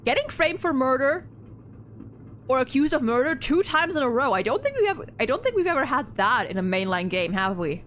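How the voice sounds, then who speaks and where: Brief: young woman game streamer, chatty and stumbling over her words, a bit high-pitched, faint hiss behind. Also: big pitch swings, a little fast, a bit bright. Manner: chatty, many restarts and fillers, laughs easily. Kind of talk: casual let's-play commentary.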